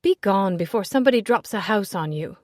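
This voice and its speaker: A woman voicing a brash, cheeky aristocratic lady who teases loudly and bluntly. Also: mid-range voice, expressive, fairly quick, no echo, studio quality, natural voice. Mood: scornful. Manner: bold, cheeky, exclamatory. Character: brash, bawdy aristocratic lady, teasing and loud.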